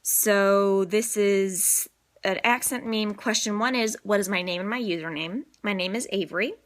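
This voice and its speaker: A woman's voice: medium pitch, normal speed. A woman in her twenties from New Orleans with a light Southern accent, rambling casually and sleepily from bed into her phone. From New Orleans, Louisiana. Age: 20s. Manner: chatty, rambling, sleepy and self-deprecating. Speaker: vlogger. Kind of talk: casual accent-tag vlog. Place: in bed at home. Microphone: phone at arm's length.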